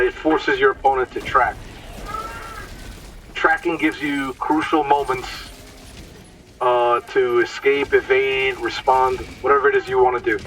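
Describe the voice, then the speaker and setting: A man's voice: medium pitch, bright, forceful tone, far from the mic, slight background noise, poor audio. A man giving casual, explanatory commentary over his gameplay, sometimes stumbling over words.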